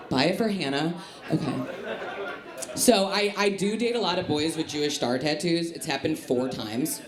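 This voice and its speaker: A woman from the Chicago area doing a stand-up comedy set on a club stage, with a punchy, lively delivery. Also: low voice, normal speed. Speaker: stand-up comic. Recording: live club with echo and crowd laughter. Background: laughing audience.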